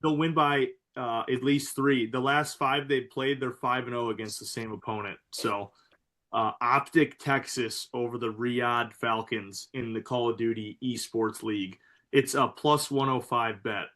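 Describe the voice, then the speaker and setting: A man's voice: mid-range voice, steady tone, a little slow, pushed and bright. A man co-hosting a sports betting podcast, casual, stammering and repeating himself before he gets going. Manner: stammering, repeats his openings. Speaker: podcast co-host.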